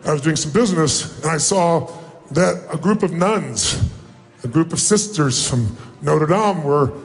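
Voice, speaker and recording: A man's voice: fairly high pitch, lively intonation, unhurried, husky. A middle-aged man giving a motivational speech, telling a personal story with emotion and rising to emphatic peaks. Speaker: motivational speaker.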